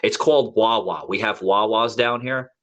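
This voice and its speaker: A man's voice: lowish voice, normal speed, fairly bright tone, highs cut off. A man with an American accent hosting a podcast in casual chat, rambling with lots of fillers and restarts. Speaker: podcast host.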